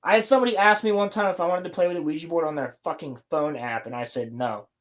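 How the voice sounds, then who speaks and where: Young man, podcast host, casual chat, animated storyteller, swears a lot. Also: on the high side, fast.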